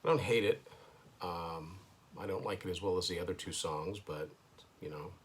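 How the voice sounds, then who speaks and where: A man with a very low voice talks through an album as he hears it, thinking aloud. His delivery is casual and hesitant, with dry little asides, and a faint hum sits behind him in a home room. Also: normal speed. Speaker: host. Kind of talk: casual first-listen album commentary. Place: indoors at home.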